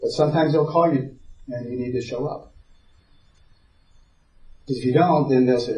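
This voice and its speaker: A man with a mellow, relaxed voice gives a parenting talk to a room full of people, telling personal stories, often repeating words, and stopping to check whether the room follows him. He is heard from a distance in an echoey hall. The sound is dull and muffled. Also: mid-range voice, normal speed, long pauses. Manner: storytelling, repeats words while thinking, asks the audience. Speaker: parenting seminar speaker. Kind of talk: conversational teaching talk. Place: seminar room with a live audience. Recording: dull, roomy sound from far off.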